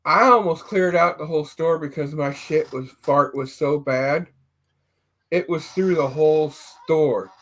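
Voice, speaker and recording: A man's voice: fairly high pitch, a little slow, a bit bright. A man on a casual streamed podcast chat, telling rambling comic stories and stumbling over repeated words. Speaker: podcast co-host.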